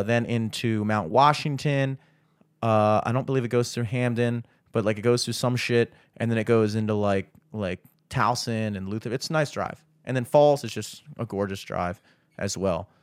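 A man's voice: medium pitch, clean tone, dry recording, clean studio sound. A young man hosting a podcast, chatting casually in a rambling, profane, ranting way. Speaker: podcast host. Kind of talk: casual chat.

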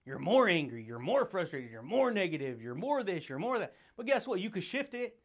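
Fired-up high-voiced man hyping listeners. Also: big pitch swings, fairly quick. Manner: hyped, laughing often, calls listeners buddy, dude and baby. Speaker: motivational podcast host. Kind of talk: energetic motivational monologue.

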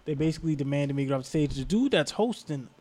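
A man's voice: a little high, fast talker, slight background noise. A young man, a comedian, telling a story in casual podcast chat and acting out the people in it. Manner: animated storyteller, acts out quoted people.

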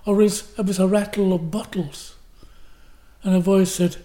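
A man's voice: high voice, steady tone, moderate pace, dark tone. Older Glasgow-born man telling stories. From Glasgow, Scotland. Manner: vivid storyteller who acts out the quotes. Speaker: guest actor. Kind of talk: anecdotal storytelling.

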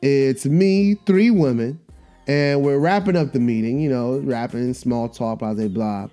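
A man hosting a podcast, telling a story in a casual monologue, animated and slangy, often repeating himself. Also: mid-range voice, measured pace, faint music behind. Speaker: podcast host.

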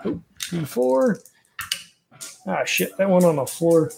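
A man playing a tabletop game, eager and excitable, cursing at bad dice rolls. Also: sits high, slow, creaky, faint music behind. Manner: eager, excitable, swears when dice roll badly. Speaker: player.

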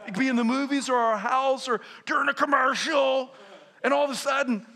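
A man in his fifties preaching a lively sermon as a pastor, telling stories and often shouting with laughter. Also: very high-pitched, brisk. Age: 50s. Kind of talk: energetic sermon.

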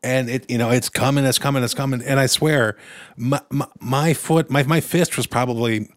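Young male podcast co-host, storyteller type, mid-pitched, dry close mic. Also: moderate pace, no room sound. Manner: animated storyteller, acts out quotes in a high voice. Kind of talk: casual storytelling chat.

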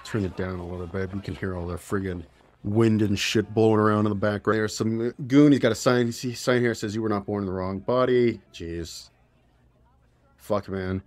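A man's voice: fairly low pitch, steady tone, moderate pace, darkish tone. A man hosting a political podcast, reading news stories aloud and reacting with exasperated, profane commentary. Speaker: podcast host.

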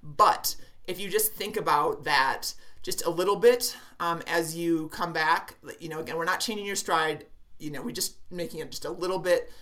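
A woman's voice: lowish voice, normal speed, a bit bright. A woman co-hosting a casual chat, giving running advice with lots of fillers and restarts. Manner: chatty, many fillers and restarts. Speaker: running podcast co-host.

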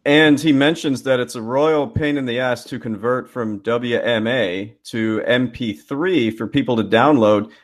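A man's voice: medium pitch, unhurried, few pauses. Casting note: middle-aged male co-host, plain and matter-of-fact, reads listener messages. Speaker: podcast co-host, accountant. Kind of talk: casual podcast chat.

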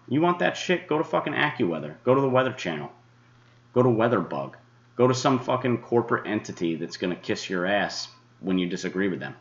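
A very deep-voiced man rants furiously on his weather podcast, cursing freely and mockingly mimicking his critics. The recording sounds dull and lo-fi, as if the high end has been shaved off. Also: big pitch swings, a little fast. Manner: angry, swearing, mocking imitations of critics. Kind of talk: profane ranting monologue.

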